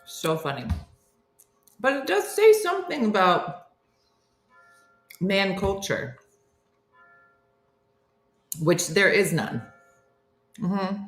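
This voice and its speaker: With soft background music and a roomy echo, a woman with a mid-range voice hosts a comedy morning livestream, speaking extremely slowly and pausing often. She chats casually, reads out viewer names, laughs and acts out the voices in her animated stories.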